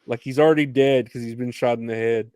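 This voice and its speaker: A man co-hosting a casual podcast chat, laid-back and quick to laugh. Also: mid-range voice, fairly even intonation, a little mellow, clear, resonant tone, no room sound, clean studio sound. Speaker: podcast co-host.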